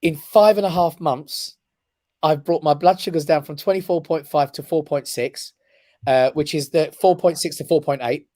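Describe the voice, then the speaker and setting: A man, a guest on a talk show, telling a personal story with lively emphasis and frequent "right?" check-ins. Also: fairly high pitch, moderate pace, dry recording, clean studio sound. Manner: animated storyteller who keeps checking in with "right?". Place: his office.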